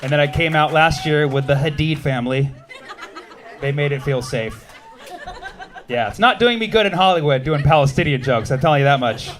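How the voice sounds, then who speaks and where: A man in his thirties, from the United States, doing a stand-up comedy set with quick, animated crowd work on a club stage. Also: on the high side.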